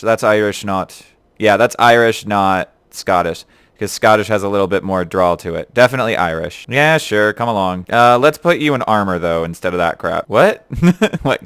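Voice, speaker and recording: A man's voice: lowish voice, fairly bright tone, clean tone, dry recording. A young man chatting casually through a let's-play, laughing often and talking back to the game characters. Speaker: gamer.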